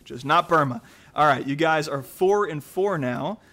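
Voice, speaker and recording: Chatty, slightly high-voiced male quiz host. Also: a little slow, fairly bright tone. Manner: reads questions then chats and laughs easily. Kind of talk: casual quiz show hosting.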